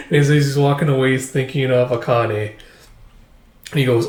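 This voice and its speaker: A man's voice: mid-range voice, steady tone, normal speed, pauses often, a little mellow. A man giving a loose, filler-heavy casual read-through of a comic chapter as its reviewer. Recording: roomy echo.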